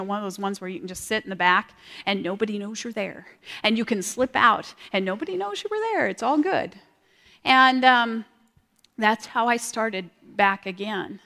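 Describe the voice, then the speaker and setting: A woman sharing a personal testimony in a large hall, earnest and halting, often repeating her words. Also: mid-range voice, fairly bright tone. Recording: long hall reverb.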